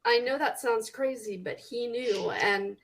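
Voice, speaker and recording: A woman's voice: a little high, rough recording. A woman from Texas, a guest author chatting casually and animatedly in a podcast interview. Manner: chatty and animated, quick restarts.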